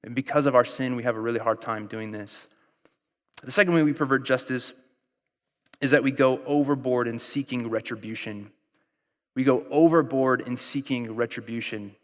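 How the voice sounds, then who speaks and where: Conversational pastor in a reverberant hall. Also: male voice, medium pitch, normal speed. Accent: American. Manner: conversational preaching with storytelling and acted-out quotes. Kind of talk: sermon.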